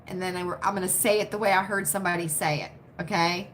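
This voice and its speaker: A woman's voice: on the low side, steady tone, fast talker, fairly bright tone, a little hiss or hum. A woman from the United States hosting a casual live chat with viewers, chatty and repetitive, often adding "right?" and laughing. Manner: chatty, repeats herself, frequent "right?" tags, laughs often. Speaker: livestream host.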